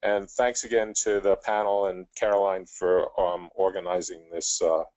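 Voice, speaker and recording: A man's voice: sits low, level tone, moderate pace, darkish tone. A man moderating a webinar, giving polite closing remarks with frequent "um" fillers, over dull lo-fi call audio.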